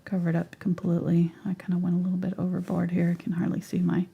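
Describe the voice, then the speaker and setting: A middle-aged woman gives a live painting lesson in a husky voice. She chats her way through each step and now and then drops to a murmur as if talking to herself. Her tone stays low and mellow. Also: completely flat delivery, quick pace, highs cut off. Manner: chatty, thinks aloud, drops into whispers to herself. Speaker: painting instructor.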